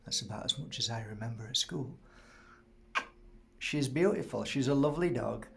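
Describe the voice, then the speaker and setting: A man's voice: medium pitch, animated, normal speed, vocal fry, slight background noise. A middle-aged man chatting casually to camera as host, rambling, laughing often and breaking off to fuss over his dog.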